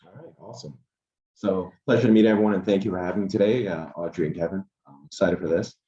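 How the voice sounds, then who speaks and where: Deep man on a dull, echoey call. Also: fairly even intonation, fast talker, mellow, distant mic. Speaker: guest, private lender. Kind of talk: casual interview.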